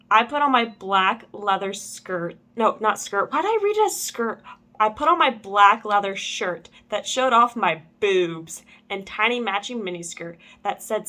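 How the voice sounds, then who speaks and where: A woman's voice: medium pitch, sharp tone. A young woman reading a fan story aloud with comic asides. She laughs often, stumbles over words and goes back to reread them. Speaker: channel host.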